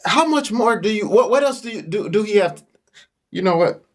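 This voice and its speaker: A man's voice: high voice, lively intonation, a little fast. A man giving casual reaction commentary in incredulous, stammering asides. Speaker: reaction video host.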